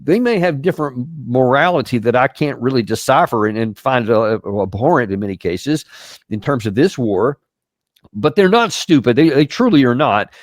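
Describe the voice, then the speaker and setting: A man's voice: mid-range voice, animated, normal speed, dry recording, clean studio sound. A man hosting a show, giving emphatic, incredulous commentary on news clips. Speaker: host and military commentator.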